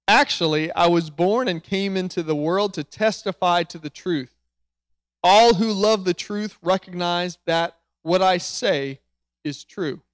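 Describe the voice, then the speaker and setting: A man reading a calm, solemn prisoner-king. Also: high voice, unhurried, no room sound, clean studio sound. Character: calm male prisoner claiming a heavenly kingdom.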